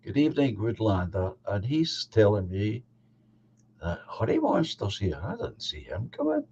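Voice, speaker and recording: A man's voice: on the low side, wildly swooping pitch, normal speed, darkish tone, a little hiss or hum. A man with a Scottish accent hosting a live stream, chatting easily and greeting viewers in the chat. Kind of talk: casual chat. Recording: dull lo-fi audio.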